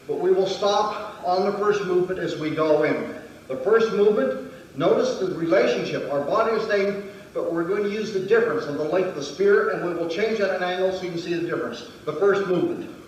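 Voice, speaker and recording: A man's voice: high-pitched, a little fast, slight background noise. Man teaching in an echoey hall. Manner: methodical, counting out movements. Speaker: martial arts instructor. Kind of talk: demonstration lesson. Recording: very echoey hall, distant mic.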